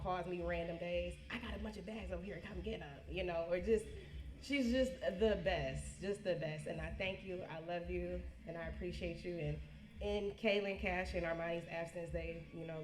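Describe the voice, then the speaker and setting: A woman, giving a birthday toast as a niece, halting and repeating herself, close to tears. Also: on the low side. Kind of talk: emotional party toast. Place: party hall, indoors. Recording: echoey room.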